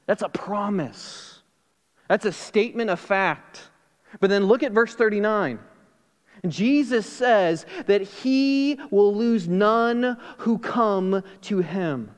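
A man's voice: high-pitched, expressive, slow pace, in a large hall. A man preaching a sermon as a pastor, emphatic, with rhetorical questions and acted-out dialogue.

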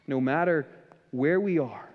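A man preaching a sermon as pastor, swinging between impassioned emphasis and hushed, softened passages. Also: fairly high pitch, a little slow. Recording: dull sound with long hall reverb.

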